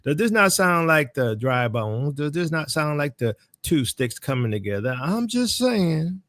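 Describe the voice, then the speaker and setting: A man's voice: mid-range voice, expressive, normal speed, a bit bright, no room sound, clean studio sound. A man with a New Orleans accent giving religious commentary, preaching style, speaking straight to his audience. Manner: preacherly, calls on the audience directly. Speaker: ministry teacher.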